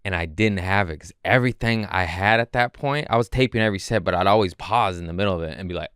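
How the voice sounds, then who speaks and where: A young man chats as a podcast guest, piling stories on top of each other with crude jokes and quick restarts. His voice sits a little low and sounds smooth and clean. The recording is close and dry. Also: no room sound. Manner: rambling, excitable storyteller, crude humor. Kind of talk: casual podcast chat.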